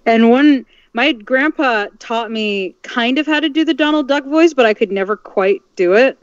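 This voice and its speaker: A woman with a smooth, clear voice chatting casually and easily. The sound is dry and close, and a little dull. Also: a little high, moderate pace, no echo. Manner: relaxed, chatty, laughs easily. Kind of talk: casual livestream chat. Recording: dry, slightly dull mic.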